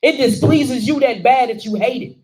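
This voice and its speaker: A man's voice: very high voice, moderate pace, a little mellow, rough recording. A man preaching a sermon, calling out questions to his listeners in informal dialect speech. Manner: calls out questions and answers to the room. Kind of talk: sermon teaching.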